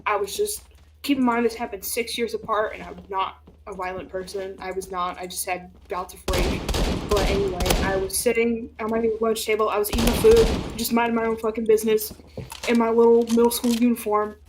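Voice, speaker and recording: A young woman streamer telling stories in casual chat, animated and laughing, swearing freely and acting out what people said. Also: medium pitch, brisk, background noise.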